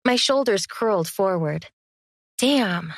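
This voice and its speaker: A woman narrating a first-person fantasy audiobook in an even, measured storytelling manner. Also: medium pitch, gravelly, dry recording, studio quality.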